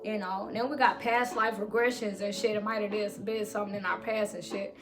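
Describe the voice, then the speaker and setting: A woman's voice: medium pitch, steady tone, brisk, music in the background. A woman vlogger speaking candidly to camera, reassuring listeners with blunt, profane encouragement. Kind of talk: motivational talk to camera.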